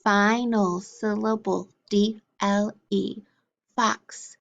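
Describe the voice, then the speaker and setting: Woman, teacher, phonics drill, very slow, patient, clear, dull lo-fi sound. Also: mid-range voice. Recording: dull lo-fi recording.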